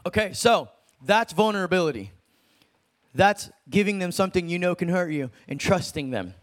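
A young man preaching an informal sermon, animated and slangy, calling listeners dude and man. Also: sits high, normal speed. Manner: slangy, animated, talks in street terms like dude and bro.

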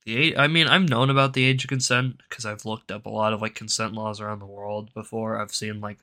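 A man's voice: lowish voice, steady tone, fairly quick, sharp tone. A young man of about eighteen hosting a solo commentary show, ranting with heavy swearing and rambling off on tangents. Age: young adult, about 18. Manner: profane, rambling, goes off on tangents. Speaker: show host.

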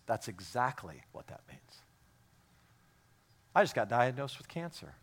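A pastor preaches a sermon, telling stories in a hushed voice before building to loud, emphatic exhortation full of repeated words. His voice is medium-pitched, very animated, and brisk.

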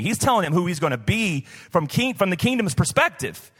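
Pastor, male, 50s, from the southern US; casual storytelling sermon, lightly raised pitch, live hall echo. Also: sing-song, a little fast, fairly bright tone. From southern United States. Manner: conversational, personal storytelling with many "like" fillers. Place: church, recorded live. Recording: live church hall reverb.

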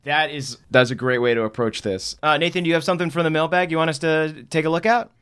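A man's voice: on the high side, fast, fairly bright tone, clean tone. A man co-hosting a podcast in casual comedic chat, rambling and laughing between jokes. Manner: rambling, laughing, self-interrupting. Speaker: podcast co-host.

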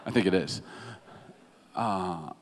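A man preaching a sermon as a pastor, animated and humorous, laughing often as he talks. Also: low voice, slow pace, long reverb tail.

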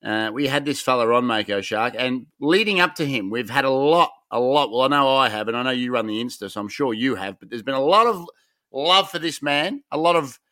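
Australian male co-host, mid pitch, rambling swagger, dry sound. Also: lively intonation, fairly quick, pushed and bright, dry recording. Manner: rambling, swaggering, lots of restarts. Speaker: podcast co-host. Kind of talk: casual podcast banter.

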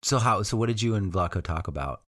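A man co-hosting a podcast, talking casually about players with relaxed hedging fillers. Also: lowish voice, fast talker, no room sound, studio quality. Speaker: podcast co-host. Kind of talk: casual sports chat.

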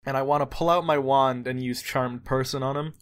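A man playing a tabletop game, describing his character's actions in an animated way and laughing often, with faint music behind. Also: medium pitch, brisk, clear, resonant tone. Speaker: player. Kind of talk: tabletop role-play.

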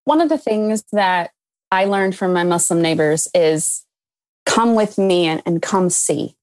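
Brief: woman in her thirties, lively storyteller who laughs a lot and acts out quotes, dry close sound. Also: fairly low pitch, measured pace, dry recording. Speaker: guest. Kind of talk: storytelling testimony.

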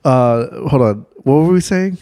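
A man's voice: medium pitch, lively intonation, a little slow, dark tone. A man co-hosting a podcast in casual chat, often hesitant and restarting as he tells a story. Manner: hesitant, stammers with restarts when telling a story. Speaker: podcast co-host.

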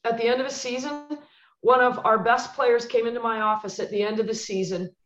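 With soft music in the background and dull, roomy audio, a woman speaks a little fast in a slightly high voice. She used to coach basketball, now coaches clients, and animatedly tells podcast stories, acting out conversations with emphatic repetition.

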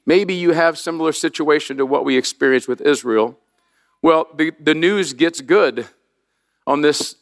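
An older man preaches from the pulpit in an earnest, personal way, often restarting his sentences as he tells his story. His voice sits a little high for a man. The sound carries the long reverb of a large church hall. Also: fairly even intonation, normal speed. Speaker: pastor. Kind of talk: sermon. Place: church sanctuary.

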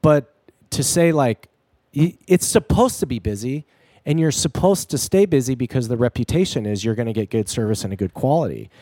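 A man chatting casually, speaking in halting phrases with frequent restarts and fillers. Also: medium pitch, lively intonation, warm tone, no room sound, clean studio sound. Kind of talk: casual chat.

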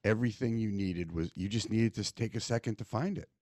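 A man hosting a podcast, responding to his guest in an earnest, emotional, measured way. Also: lowish voice, darkish tone, no echo, studio quality. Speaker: podcast host. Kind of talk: reflective interview talk.

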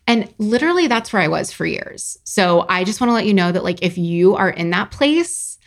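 Gravelly-voiced woman podcaster, blunt and profane. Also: mid-range voice, expressive, normal speed, few pauses. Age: 30s. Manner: candid and profane, dramatic self-mocking asides. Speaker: podcast host and coach. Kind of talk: casual solo podcast monologue.

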